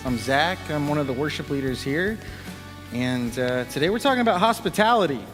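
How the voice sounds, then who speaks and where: A man's voice: on the high side, expressive, fairly quick, in a large hall, over music. A man, a worship leader, giving a casual, joking sermon talk full of fillers. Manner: chatty, joking, with many fillers.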